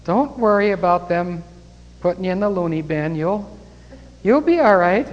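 A man's voice: high-pitched, expressive, moderate pace, muffled recording. Fervent male preacher, in a reverberant hall. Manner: fervent, rising to exclamations of praise. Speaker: preacher leading a Bible study. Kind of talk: sermon and closing prayer.

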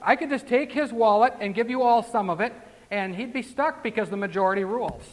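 A man's voice: high voice, fairly quick. A man preaching a sermon in a folksy, conversational way, full of rhetorical questions and asides. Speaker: pastor. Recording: long hall reverb.

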